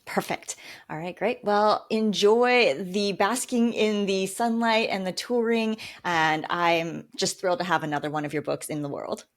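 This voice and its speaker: A woman's voice: medium pitch, unhurried. A woman hosting a podcast interview, encouraging as she asks her guest questions. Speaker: podcast host. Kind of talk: conversational interview.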